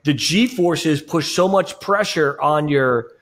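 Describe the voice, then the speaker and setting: A man's voice: a little high, takes it slowly, fairly bright tone. A man hosting a podcast, asking questions in an eager, admiring way. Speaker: podcast host. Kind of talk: casual interview talk.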